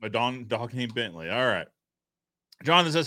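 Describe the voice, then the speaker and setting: A man's voice: mid-range voice, big pitch swings, normal speed, bright, forceful tone, dry recording, studio quality. A man hosting a podcast in casual live-stream chat, upbeat, greeting viewers and reading their comments aloud. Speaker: podcast host.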